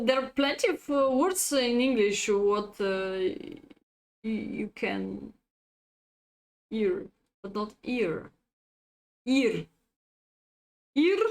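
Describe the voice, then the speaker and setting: A woman chess coach, a native Bulgarian speaker, giving a live-streamed lesson, chatty and laughing often as she reads out chat. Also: high-pitched.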